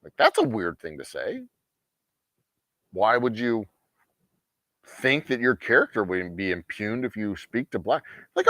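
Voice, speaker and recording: A man's voice: on the low side, sing-song, a little slow, pauses often, pushed and bright, no echo, studio quality. A man hosting a game night livestream, ranting in casual, profane talk and mocking people in sarcastic quoted voices. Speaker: host of a game night stream.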